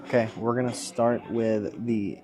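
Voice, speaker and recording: A man from the United States with an American accent, calmly narrating a food-tasting vlog. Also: mid-range voice, music in the background. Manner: calm, measured tasting commentary.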